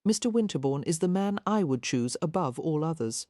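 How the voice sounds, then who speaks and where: Gentle young victorian lady, soft and earnest, a bit higher, woman narrator doing her. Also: animated, normal speed, no echo, clean studio sound.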